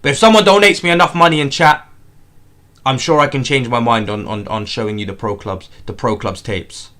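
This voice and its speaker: A young man hosting a live football watchalong, excitable and repetitive, swinging from outraged exclamations to low muttering. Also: a little fast. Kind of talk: live match watchalong commentary.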